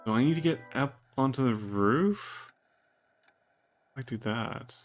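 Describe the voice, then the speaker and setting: A man's voice: medium pitch, animated, slow pace, soft background music. A man casually commenting while playing an adventure game, hesitant and mumbling. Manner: hesitant, mumbling, laughs to himself. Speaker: let's play gamer.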